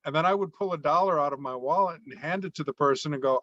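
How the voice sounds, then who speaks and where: A man who performs on stage, chatting thoughtfully and in a measured way on a group call with some fillers. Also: on the high side, fairly bright tone, no room sound, dull audio. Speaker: comedy performer and speaker. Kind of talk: casual group call chat.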